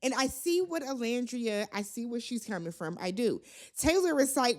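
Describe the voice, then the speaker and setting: A woman's voice: fairly high pitch, expressive, moderate pace, a little mellow. A woman giving a casual reality show recap in a sassy, chatty and opinionated way. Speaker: recap vlogger.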